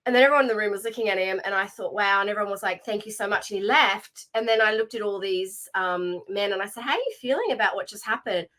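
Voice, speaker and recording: A woman guesting on an interview, her voice bright and clear. She talks in a chatty, storytelling way, full of fillers and little restarts. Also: medium pitch, expressive, fast talker, few pauses, low-quality recording. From Australia. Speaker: guest, leadership coach. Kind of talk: casual interview conversation.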